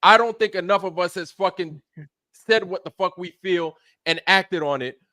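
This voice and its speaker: A man's voice: high voice, normal speed, pushed and bright, no room sound, studio quality. A man in a heated, angry rant, repeating himself and swearing often.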